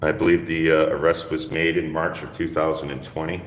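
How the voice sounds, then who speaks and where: Low-voiced man in an echoey hall. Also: level tone, slight background noise. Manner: halting, full of fillers. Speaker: self-styled press auditor. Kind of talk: confrontational records request. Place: police station lobby. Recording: echoey hall, camera mic.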